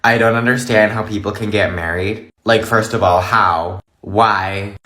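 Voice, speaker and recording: A man's voice: lowish voice, fairly even intonation, unhurried, bright, forceful tone. A young man delivering a profane, exaggerated comedic rant monologue.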